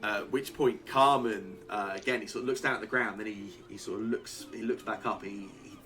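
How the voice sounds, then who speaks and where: A man narrating a tabletop game as game master, halting with many fillers. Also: lowish voice, fairly even intonation, sharp tone, soft background music.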